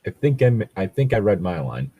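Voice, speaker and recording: Lowish husky guy, laughs a lot and swears while reading fanfic out loud, dry sound. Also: big pitch swings, normal speed, dry recording, narrow, tinny audio. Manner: laughs often, swears, rambling asides. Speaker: co-host reading a fan story aloud. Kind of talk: casual comedic read-along.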